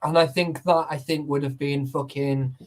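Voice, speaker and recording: A man telling a story in casual chat, animated and full of swearing. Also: a little high, moderate pace. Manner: animated, heavy swearing, acts out quotes. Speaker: urban explorer telling a story.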